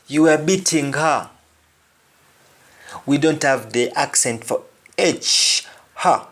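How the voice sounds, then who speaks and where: A man giving an explanatory language lesson as a teacher, deliberate and repeating each example phrase twice. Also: on the high side, fairly bright tone.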